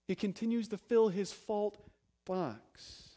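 Preaching slowly, a male pastor puts rhetorical questions to his congregation with real emphasis. He swings from loud stresses to quiet, low-pitched phrases.

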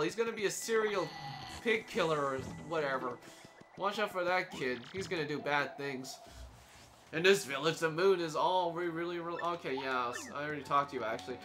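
A young man giving casual, joking gameplay commentary as he plays, sarcastic and quick to laugh. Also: fairly high pitch, bright, forceful tone, slight background noise. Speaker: let's play commentator.

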